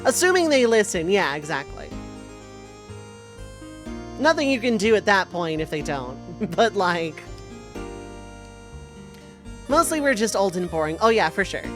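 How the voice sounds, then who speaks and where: A young woman streamer rambles casually over her gameplay, circling back and restarting her sentences. Her voice sits at a middle pitch, with faint game music behind her. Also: big pitch swings, a little slow, long pauses. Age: young adult. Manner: rambling, filler-heavy, with repeated restarts. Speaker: let's play streamer.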